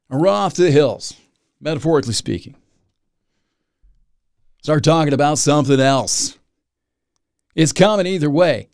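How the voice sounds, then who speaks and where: A man's voice: on the high side, animated, moderate pace, vocal fry, pauses often, a little mellow, no echo, studio quality. A man hosting a solo podcast, rambling and self-mocking with dramatic asides. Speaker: podcast host.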